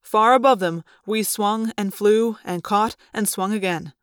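A woman narrates a story aloud with expressive, measured delivery. Her voice sits in a middle range. The recording is dry and close. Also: mid-range voice, clear, resonant tone, no echo. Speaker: reader.

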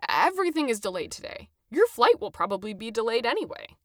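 A woman's voice: on the high side, sing-song, fast talker, no room sound, clean studio sound, pitched above the performer's own voice. A woman voicing a flustered male site administrator who talks in panicky, stammering tones, read as part of a story. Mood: panicked.

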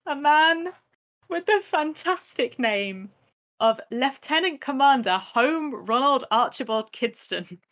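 A woman co-hosting a casual chat, giggling often and filling pauses with ums. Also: high voice, animated, a bit bright. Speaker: podcast co-host.

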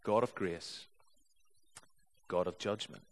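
A man's voice: deep voice, slow pace. Earnest male preacher in echoing church. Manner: earnest, explanatory, reads with feeling. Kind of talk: sermon with scripture reading.

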